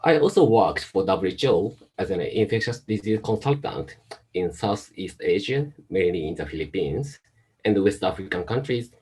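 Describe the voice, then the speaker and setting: A man with an accent mixing Chinese, Japanese and American, giving a measured talk over a video call. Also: low-pitched, darkish tone, husky, poor audio. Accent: mix of Chinese, Japanese and American. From Hong Kong. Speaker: invited speaker, pediatrician and virus researcher. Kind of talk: online presentation talk.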